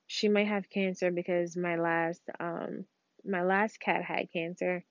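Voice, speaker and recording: A woman's voice: fairly low pitch, level tone, unhurried, no echo. A young woman hosting a podcast, telling a rambling personal story in casual, slangy, candid talk from home. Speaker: podcast host. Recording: dull lo-fi dry recording.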